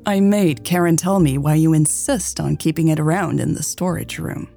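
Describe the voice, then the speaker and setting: A woman's voice: low-pitched, normal speed, vocal fry, dark tone, faint music behind. A woman reading aloud and voicing a tired, exasperated boss with a dry sense of humour. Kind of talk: read-aloud story dialogue.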